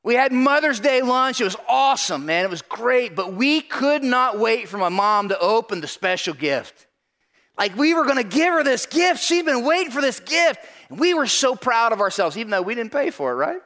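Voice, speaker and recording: Speaking at normal speed in a very high voice, a man tells an audience a personal story with lots of animation. He acts out the voices of the people involved and keeps checking in with "right?".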